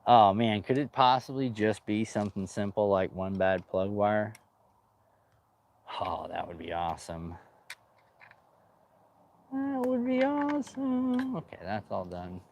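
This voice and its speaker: A man's voice: sits low, steady tone, measured pace, darkish tone, a little hiss or hum. A man talking casually to his viewers while working on his boat outdoors, rambling and joking, calling them dude. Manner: chatty, rambling, says dude a lot. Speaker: boat restoration vlogger.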